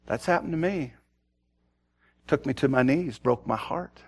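A man preaching a sermon, telling a quiet personal story and then rising into loud, urgent exhortation, often repeating words as he starts a thought. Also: medium pitch, measured pace, breathy edge. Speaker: pastor.

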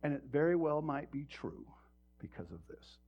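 A man's voice: on the high side, big pitch swings, moderate pace. Man, pastor, sermon, direct rhetorical questions, church sanctuary, muffled lo-fi recording.

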